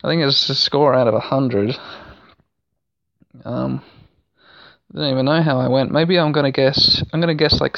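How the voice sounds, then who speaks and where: A man hosting a let's play, rambling excitably through casual game commentary and swearing now and then. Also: medium pitch, normal speed, gravelly. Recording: dull lo-fi recording with game music.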